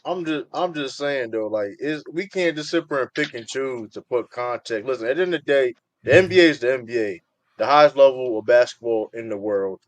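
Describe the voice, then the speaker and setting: A man's voice: medium pitch, brisk, no room sound. A man hosting a heated sports debate podcast, cutting in and repeating himself to get the floor. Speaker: podcast host.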